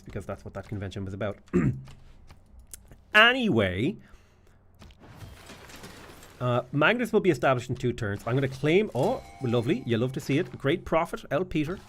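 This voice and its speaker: An Irish man commentating his strategy game live, his voice swinging widely up and down as he talks. He ribs his chat with quick teasing jokes between calm notes on his moves. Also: medium pitch. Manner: joking banter with chat. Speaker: streamer.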